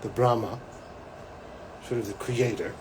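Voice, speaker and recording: A man, a psychic, talking to camera as he recounts a vision, animated and breaking into excited exclamations. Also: lowish voice, a little slow, background noise. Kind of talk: solo talk recounting a vision.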